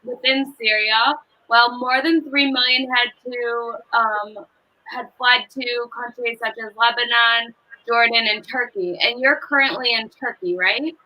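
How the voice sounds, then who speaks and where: Bright high-voiced woman host. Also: steady tone, measured pace, low-quality recording. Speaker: interview host. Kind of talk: live online interview.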